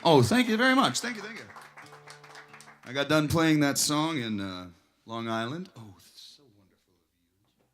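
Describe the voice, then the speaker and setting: A man's voice: on the high side, expressive, moderate pace, pauses often, a bit bright, faint music behind. A man, a singer-songwriter and guitarist, chatting and telling rambling stories to a small crowd between songs at an in-store show. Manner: chatty, rambling storyteller, self-described nervous talker. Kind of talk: live stage banter between songs. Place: record store in-store performance.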